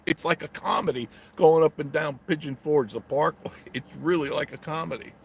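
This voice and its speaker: A man's voice: on the high side, moderate pace, creaky. A middle-aged man from New York, chatting live from inside his car in traffic, answering viewer comments in a blunt, joking way. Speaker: travel vlogger reading live chat. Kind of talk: casual live-stream chat from a parked car.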